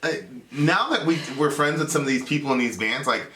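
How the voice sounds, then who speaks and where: A man co-hosting a casual chat, talking in a halting way with many restarts and repeated words. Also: fairly high pitch, animated, a crowd in the background. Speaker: co-host. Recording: echoey room, a bit off the mic.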